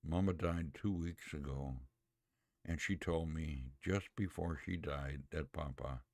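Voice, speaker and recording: A man's voice: a bass voice, slow, no echo, studio quality, heavily acted. A man voicing a poor orphaned little girl who politely pleads. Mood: pleading.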